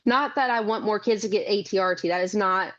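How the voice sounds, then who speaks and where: A woman's voice: mid-range voice, fairly quick, lo-fi sound. A young woman, a mother and caregiver, speaking earnestly as a podcast guest and telling her story in long run-on sentences. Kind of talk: conversational interview.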